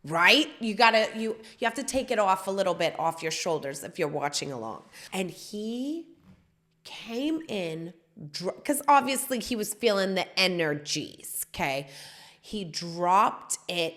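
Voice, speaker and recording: A woman in her forties hosting a podcast, telling bawdy personal stories in a lively, candid way. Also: on the low side, moderate pace. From United States. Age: 40s. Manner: bawdy, animated storyteller. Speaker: podcast host. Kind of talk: candid storytelling.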